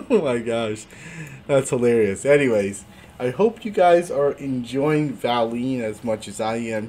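A man hosting a gaming channel, giving casual commentary on his own gameplay, excitable and laughing often. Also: mid-range voice, a little hiss or hum.

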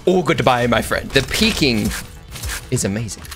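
A young man giving goofy, excitable commentary over his own gameplay, joking along and breaking into sudden high yelps. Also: moderate pace. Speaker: gaming streamer. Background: background music.

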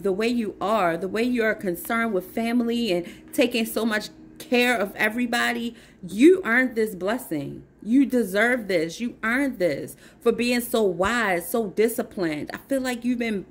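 A woman's voice: a little high, a little hiss or hum. A woman giving a casual spiritual tarot reading, effusive and encouraging, repeating phrases for emphasis. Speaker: tarot reader.

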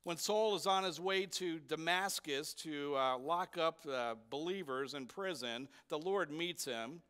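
A man with a notably high voice preaches a sermon in church. He is emphatic, restating his main points and tossing rhetorical questions to his listeners. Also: unhurried, fairly bright tone, smooth. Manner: emphatic, repeats key points for effect; asks the congregation rhetorical questions. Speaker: pastor.

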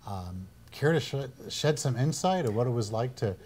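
A man hosting a studio interview, asking questions in a halting way, searching for words. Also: medium pitch, animated, darkish tone, husky. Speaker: interviewer, host.

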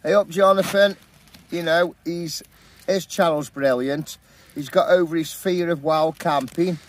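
Middle aged bloke vlogging from a campsite, slightly high voice, slow easygoing chatter, bit of faint outdoor noise behind. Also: male voice. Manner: chatty, upbeat, says "awesome, mate" often. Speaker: camping vlogger. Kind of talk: casual vlog chat.

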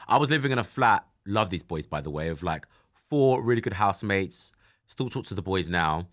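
A man in his twenties hosting a casual chat show, lively and laughing easily, and softer when he speaks of personal loss. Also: low-pitched, brisk. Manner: animated, laughs easily, turns soft and emotional when talking about grief. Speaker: podcast host. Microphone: studio microphone.

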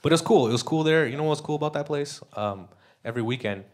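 A man's voice: on the high side, quick pace. A young Canadian man doing a live stand-up set, crude and loose, often laughing at his own jokes. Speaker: stand-up comedian. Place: comedy club stage. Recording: live club crowd audible. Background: audience laughter.

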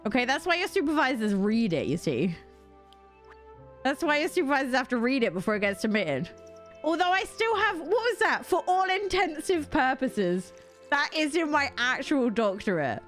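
Young british girl chatting over a cozy game stream, high voice bouncing all over, giggly asides. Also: very animated, moderate pace, fairly bright tone, soft background music. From Britain. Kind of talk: casual gameplay chat with chat readers.

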